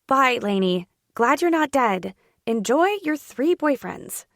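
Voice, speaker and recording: A woman's voice: on the high side, animated, slow, dry recording, studio quality, voice pushed up. A woman voicing a curt, confrontational young woman. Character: sharp, defensive young woman, a sister.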